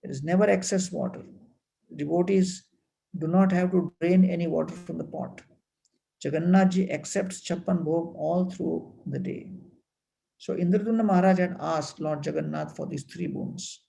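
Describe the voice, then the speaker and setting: Gravelly-voiced man telling temple lore. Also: a little high, steady tone, warm tone, rough recording. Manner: unhurried, explanatory, frequent "you know" fillers. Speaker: temple speaker. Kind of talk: devotional storytelling talk.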